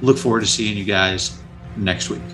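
A man hosting a movie podcast, chatting excitedly and speaking directly to his listeners. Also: lowish voice, normal speed, music in the background. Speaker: podcast host. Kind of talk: casual podcast chat.

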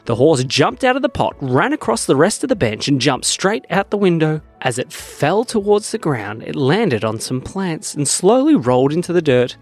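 A man narrating a children's story, animated and expressive. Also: on the high side, moderate pace, hardly any pauses. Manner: animated, expressive read-aloud.

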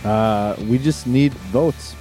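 A man's voice: mid-range voice, takes it slowly, dark tone, faint music behind. A man around forty co-hosting a casual podcast, playful and self-mocking. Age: about 40. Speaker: podcast co-host.

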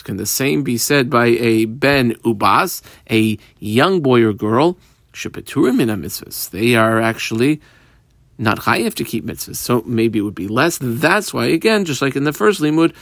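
A man teaches a Talmud page, translating each phrase as he goes. His voice sits at an ordinary middle pitch, and the recording is dry and close, with no room sound. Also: no room sound. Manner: explains each Aramaic phrase in English, steady teaching cadence. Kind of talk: daf yomi Talmud lesson.

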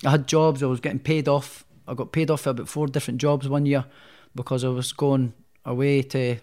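A Scottish professional boxer, guesting on an interview, rambles through his story casually with lots of restarts, fillers and self-deprecating remarks. His voice sits at medium pitch with a level tone, a slightly fast pace and a darkish colour.

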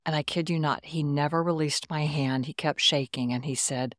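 Low-voiced woman in her sixties telling stories. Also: moderate pace, dry recording, studio quality. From Texas, USA. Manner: warm, animated anecdotes with quoted dialogue. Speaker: guest, retired Air Force officer. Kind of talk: conversational storytelling.

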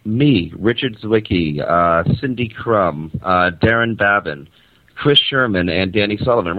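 A man hosting a radio show, phoning in from a hotel conference center, rambling and animated as he tells a story and swears casually. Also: fairly low pitch, no room sound. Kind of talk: casual phoned-in radio chat. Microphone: phone. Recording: tinny, dry phone line.

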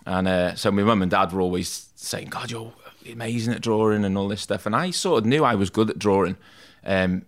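A young man, a tattoo artist, recounting school memories in a casual, animated interview. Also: deep voice, a little fast, few pauses. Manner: chatty, animated retelling with quoted voices.

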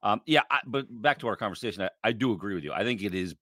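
A man's voice: lowish voice, lively intonation, very fast, bright, forceful tone, dry recording, clean studio sound. A man co-hosting a casual sports podcast, blunt and jokey, swearing casually. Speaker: podcast co-host. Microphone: podcast microphone with headphones.

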